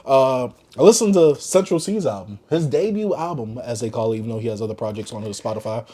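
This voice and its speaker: A young man co-hosting a casual hip-hop podcast, animated, acting out quotes and laughing often. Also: medium pitch, fast talker. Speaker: podcast co-host.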